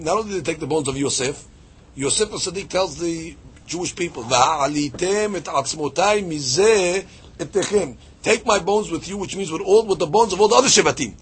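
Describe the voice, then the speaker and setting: Man, Talmud teacher, daily lesson, very husky, slightly high voice, step-by-step explaining, fillers and restarts. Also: fairly bright tone. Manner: explains step by step with many fillers and restarts, rising to emphatic peaks. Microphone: podcast recording.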